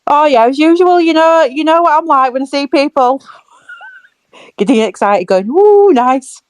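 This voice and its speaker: A woman co-hosting a casual football fan podcast, chatty and quick to giggle. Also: high voice. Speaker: podcast co-host.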